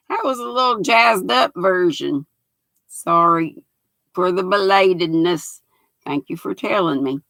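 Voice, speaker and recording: A woman's voice: lowish voice, animated, a little slow, vocal fry, fairly bright tone, dry recording, rough recording. An older woman, hosting a livestream in a folksy, chatty way, reading out comments from her viewers. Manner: folksy, chatty, laughs often. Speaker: livestream host.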